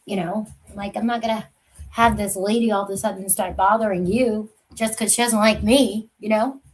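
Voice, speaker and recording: Woman chatting on her livestream, rambly, drifts off mid thought, middle pitch. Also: steady tone, normal speed, rough recording. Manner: rambling, confiding, trails off mid-sentence. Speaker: true crime livestream host. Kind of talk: casual livestream chat.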